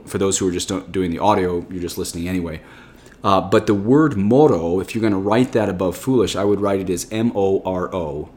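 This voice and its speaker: Man, low voice, priest, gospel reading and word study, slow deliberate delivery. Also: a little mellow. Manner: slow, deliberate reading, spelling out Greek words. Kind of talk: gospel reading and scripture commentary.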